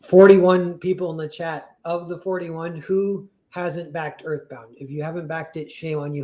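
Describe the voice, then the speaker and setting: Rambling young man with a higher voice. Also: little pitch movement, moderate pace, few pauses, dark tone. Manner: rambling, full of "like" and restarts, chuckling. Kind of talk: casual livestream chat.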